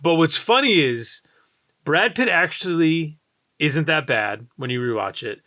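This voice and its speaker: Male co-host, bright forceful tone, excitable riffing delivery. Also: on the high side, unhurried. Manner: animated, excitable, swears and mimics lines. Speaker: podcast co-host. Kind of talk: casual film podcast chat.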